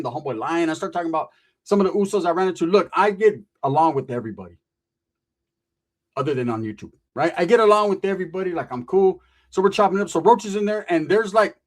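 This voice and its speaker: A man telling a rowdy story in casual, profane, slang-heavy talk on a podcast. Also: on the high side. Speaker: podcast host.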